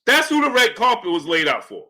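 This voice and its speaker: Emphatic, bright-voiced male stream host. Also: high voice, wildly swooping pitch, fairly quick. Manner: emphatic, repeats himself, greets viewers. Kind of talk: casual live stream talk.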